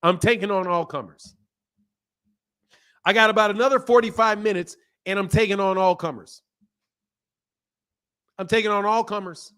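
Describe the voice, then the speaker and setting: A man hosting a live boxing talk stream, reading out donations, animated and laughing with loud outbursts. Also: high voice, normal speed, pauses often, smooth. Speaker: boxing channel host.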